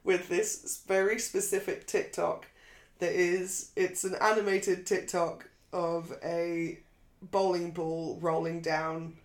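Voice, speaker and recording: A woman's voice: on the low side, little pitch movement, takes it slowly, reverberant. A woman with a posh English accent, co-hosting a podcast in dry, laid-back casual chat from a sofa. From England. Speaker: podcast co-host. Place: lounging on a sofa at home.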